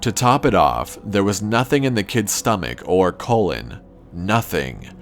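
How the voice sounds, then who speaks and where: A man calmly narrating a first-person horror story in a measured, scripted way. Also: on the low side, faint music behind.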